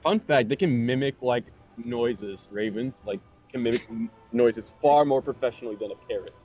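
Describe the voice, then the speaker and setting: A man's voice: medium pitch, a little mellow, lo-fi sound, faint music behind. A man chatting casually as a player in a tabletop game, stammering a little. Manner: slow, stammering. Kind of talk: casual chat.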